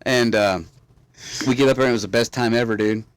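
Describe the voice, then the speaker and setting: A man's voice: medium pitch, fairly even intonation, a little fast, smooth, no echo. A man, rambling through stories in a casual chat as podcast host. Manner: rambling storyteller, drawling, swears freely.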